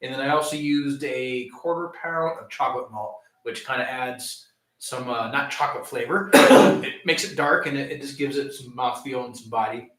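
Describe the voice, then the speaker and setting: A man co-hosting a home brew stream, calmly explaining his recipe step by step. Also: medium pitch, normal speed. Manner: easygoing, explains step by step with fillers. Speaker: homebrewer co-host of a live stream. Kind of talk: casual explaining chat. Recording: echoey and distant, light hiss.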